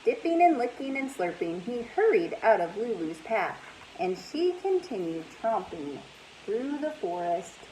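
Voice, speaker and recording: A woman, a teacher, reading a storybook aloud in an animated way and asking her listeners questions. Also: a little high, a little hiss or hum, rough recording.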